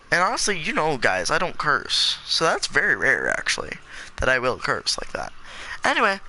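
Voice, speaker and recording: A man's voice: high-pitched, sharp tone, poor audio. A fifteen-year-old boy ranting defiantly in casual chat while playing a game. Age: teens. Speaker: gaming streamer.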